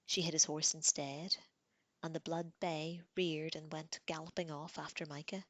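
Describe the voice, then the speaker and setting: Low, soft-spoken woman reading aloud. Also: level tone, moderate pace, no room sound. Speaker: reader.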